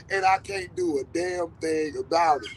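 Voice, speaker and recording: Slight background noise and a rough recording frame this middle-aged podcast host's voice, which runs on the high side. In a casual monologue he is blunt and profane, repeating points to hit them hard, and he tells stories animatedly while quoting dialogue.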